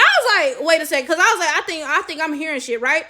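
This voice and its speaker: A woman with a high, light voice tells a story to her viewers in casual vlog style. She talks with emphasis and swears freely. She keeps checking in with her audience with a quick "right?". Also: lively intonation, sharp tone. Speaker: chess coach and vlogger.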